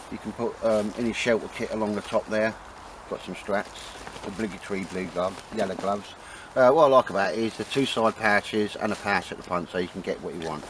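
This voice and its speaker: A man's voice: fairly low pitch, a little hiss or hum. A middle-aged man, chatting and joking on his outdoor vlog in the woods. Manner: jokey, banter-heavy, laughs a lot. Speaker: vlogger. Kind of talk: casual outdoor vlog chat.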